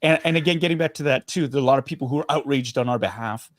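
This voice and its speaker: Earnest, animated middle-aged Canadian man. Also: medium pitch, rapid-fire, dry recording, clean studio sound. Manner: earnest and animated, frequent restarts. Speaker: guest actor. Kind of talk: casual interview chat.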